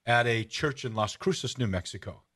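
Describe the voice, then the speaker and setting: A man hosting a radio-style podcast, telling stories in a casual, animated way. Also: mid-range voice, normal speed. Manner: storytelling, animated, shouts out rallying cries. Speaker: podcast host. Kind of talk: casual radio-show chat.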